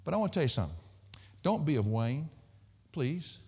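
A male pastor preaching with a lively, swooping voice that leaps from quiet asides to loud bursts. He tells folksy stories and laughs often. His voice rings with the long reverb of a church hall. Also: a little high, a little fast, slightly rough. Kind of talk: sermon.

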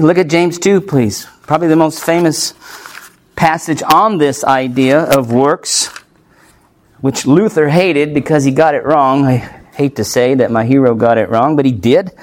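A male pastor with a darkish, mid-range voice preaches expository material in an emphatic, punchy style. Rhetorical questions come rapid-fire, and he adds playful asides with light laughs.

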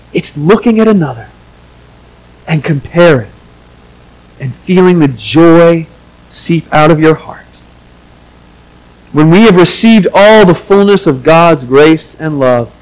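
A man's voice: on the high side, rough recording. A man preaching a sermon as pastor, earnest, and acting out the quoted voices of the story.

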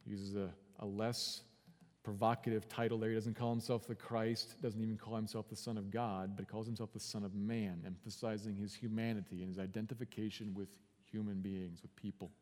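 A man preaching a sermon as pastor, earnest, swinging from quiet and slow to loud and urgent. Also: on the low side, flat delivery, long reverb tail. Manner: earnest preaching with big swings in volume and pace.

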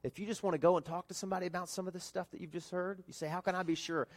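Man preaching with animated, rising delivery. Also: high-pitched, racing. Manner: animated preaching, rising and falling between loud and hushed. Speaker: pastor. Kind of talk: sermon. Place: church service.

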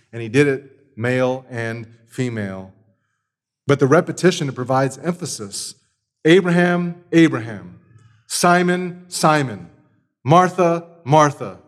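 Male pastor, sermon delivery, emphatic, builds volume on repetition. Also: mid-range voice. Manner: emphatic, builds to loud repeated words.

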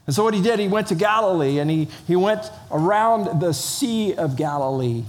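A man preaching a sermon as pastor, animated, acting out the voices of the people in his story. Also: sits high, normal speed, big-room sound. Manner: animated, acts out voices of biblical figures.

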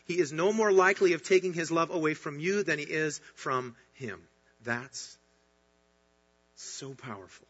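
A man with a slightly high, slightly rough voice preaches at a measured pace, giving an earnest, emphatic sermon as a pastor that climbs into bursts of excitement. Dull audio and long hall reverb mark the recording.

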